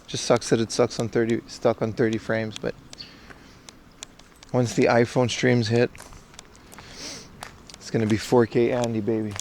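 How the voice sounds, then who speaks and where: A man's voice: medium pitch, level tone, unhurried, pauses often, darkish tone, slight background noise. Rambling man livestreaming outdoors. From Caribbean. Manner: chatty, rambling, joking with chat. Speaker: IRL livestreamer. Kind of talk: casual livestream chat. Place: outdoors walking through streets. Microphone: camera rig carried while walking.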